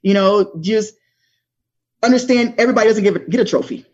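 A woman's voice: mid-range voice, a little fast, a little mellow, slightly rough, muffled recording. A woman hosting a podcast, giving reflective advice in a thoughtful way. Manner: thoughtful, many "you know" fillers. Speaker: podcast host.

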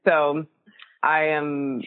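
A woman's voice: low-pitched, little pitch movement, extremely slow, smooth. A woman co-hosting a casual talk show, rambling loosely with many fillers. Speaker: co-host. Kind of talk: casual chat. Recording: tinny phone line.

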